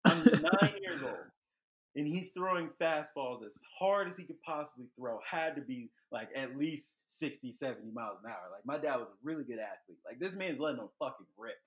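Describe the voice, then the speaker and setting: A young man hosting a podcast, telling a childhood story in loose, profane casual chat that gets animated. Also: medium pitch, brisk, hardly any pauses. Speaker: podcast host.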